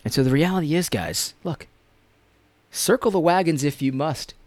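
Impassioned man preaching with lively swings. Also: on the high side, normal speed, no room sound. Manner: preachy, repetitive, swings between loud emphasis and near-whispers. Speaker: commentator. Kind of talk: impassioned commentary.

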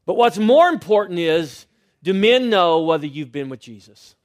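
A middle-aged male pastor preaching a sermon, swinging between loud rising lines and quiet, hushed refrains. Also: high voice, very animated, moderate pace, no echo, studio quality.

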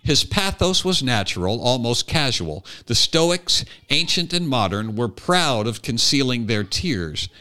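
A man hosting a comedy podcast into a studio mic, his voice bright and forward with lively pitch movement. He jokes easily and reads a long passage with deliberate care. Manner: jokey, laughs often, reads aloud deliberately. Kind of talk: casual podcast chat and quote reading. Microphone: podcast microphone.

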